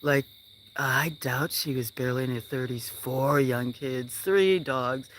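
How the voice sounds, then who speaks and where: A farm live streamer chatting outdoors at night, rambling through stories and often dropping to a hush. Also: medium pitch, a little slow, a little hiss or hum. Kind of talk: casual live-stream chat. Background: crickets chirping.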